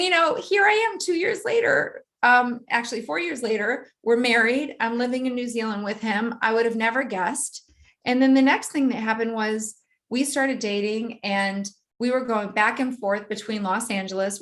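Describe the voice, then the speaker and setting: A woman guest in an interview, telling a personal story in a vivid, animated way and often laughing. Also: on the high side.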